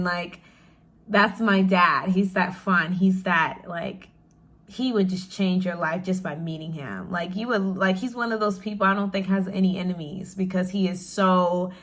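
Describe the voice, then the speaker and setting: A woman's voice: lowish voice, fairly bright tone. Chatty young woman vlogging. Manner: chatty, bubbly, lots of "like" fillers, laughs easily. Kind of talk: casual Q&A chat to camera.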